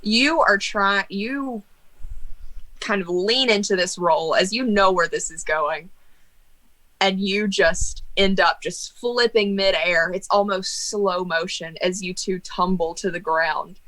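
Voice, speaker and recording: A young woman leads a tabletop role-playing session as game master. Her voice is bright and clear, and she narrates in an animated way, breaking into laughter and teasing the players with mock outrage. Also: medium pitch, takes it slowly, rough recording.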